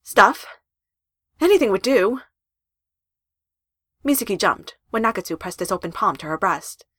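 A woman narrating a story with a lively, animated voice that swings up and down in pitch. The recording is close and dry, with no room sound. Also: measured pace, breathy edge, no echo. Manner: expressive, with emphatic rises.

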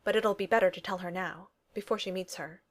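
A snarky, self-assured man with a quick, flippant tongue, voiced by a woman reading a storybook-style audiobook. Mid-pitched and unforced. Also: steady tone, lightly acted. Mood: wry. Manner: wisecracking and flippant. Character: snarky confident male billionaire inventor. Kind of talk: audiobook reading of fan fiction.

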